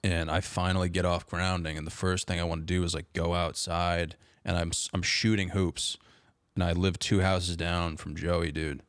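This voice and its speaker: Very deep-voiced laid-back young man. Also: level tone, normal speed, smooth, no room sound, studio quality. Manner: laid-back, says "dude" and "like" constantly. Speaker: podcast guest. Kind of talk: casual storytelling.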